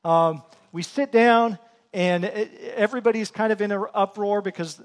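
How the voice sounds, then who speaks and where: A man's voice: high voice, steady tone, normal speed. A middle-aged man preaching a sermon in a church, telling earnest, self-deprecating stories about family life. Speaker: pastor.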